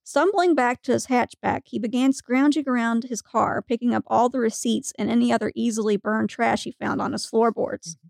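A woman's voice: fairly high pitch, moderate pace, vocal fry, a little mellow, no echo, clean studio sound. A woman co-hosting a podcast, reading a funny story aloud with frequent giggles. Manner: giggly storytelling, breaking into laughter. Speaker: podcast co-host.

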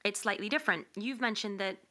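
Bright-voiced woman hosting a talk. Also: medium pitch, fast talker. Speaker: host. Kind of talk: conversational interview.

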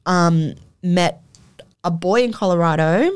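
A woman's voice: on the low side, takes it slowly, clean tone. A woman with an Australian accent, talking casually as an interview guest. She tells her story candidly, swears freely and keeps dropping "like" into her sentences.

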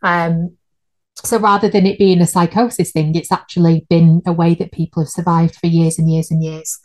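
A woman's voice: on the low side, flat delivery, moderate pace, darkish tone. A woman, co-hosting a podcast in casual chat and laughing at her own slips. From United Kingdom. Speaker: podcast co-host.

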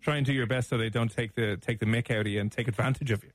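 A man's voice: mid-range voice, steady tone, rapid-fire, dry recording. An Irish man hosting a radio show, chatting casually in a jokey, teasing way and laughing easily. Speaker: radio host. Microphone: studio mic.

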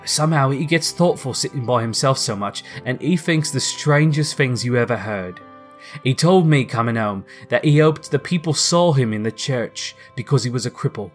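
A man voicing a gentle, loving father of modest means who speaks tenderly. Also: medium pitch, natural voice.

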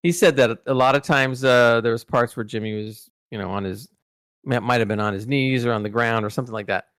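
A man's voice: medium pitch, fairly even intonation, a little fast, fairly bright tone, smooth, no room sound. A man in middle range telling long, rambling stories on a casual podcast, tripping over his words and circling back. The sound is dry and close, with no room around it. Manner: rambling storyteller, many restarts and fillers. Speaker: podcast co-host recalling celebrity interviews.

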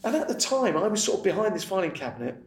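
A middle-aged man with a British accent, a comedian guest telling an animated anecdote in casual chat. He laughs freely and swears often. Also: high voice, quick pace. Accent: British English. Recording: roomy and distant with faint noise.

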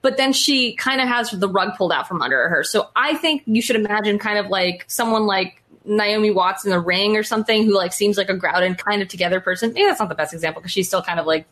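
A woman co-hosting a podcast in casual chat, animated and talkative, slipping into little acted-out voices as she goes. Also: mid-range voice, quick pace, hardly any pauses. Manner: animated, chatty, acts out quoted voices. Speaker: podcast co-host.

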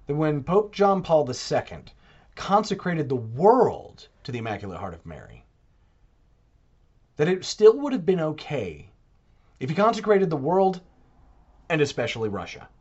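A man talking in a casual podcast monologue, animated and putting on mock voices when he quotes others. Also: a little high, a little slow, pauses often, lo-fi sound. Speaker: Catholic podcaster.

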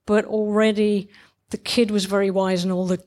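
A woman's voice: medium pitch, flat delivery, normal speed, a little mellow. A middle-aged woman chatting casually and enthusiastically about cartoons, rambling with many restarts.

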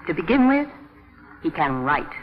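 An actress playing a clever village schoolteacher who sweetly flatters and persuades, in a 1950s radio drama on a dull old broadcast recording. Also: female voice, low voice, normal speed. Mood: persuasive. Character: clever, scheming village schoolteacher woman, middle-aged.

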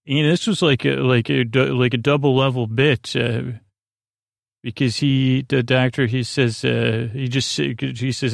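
Gravelly flat-voiced man recapping drowsily. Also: no room sound, clean studio sound. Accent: Upstate New York. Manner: halting, many "uh"s and restarts, low-key. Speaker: podcast host. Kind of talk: sleepy recap of a TV episode.

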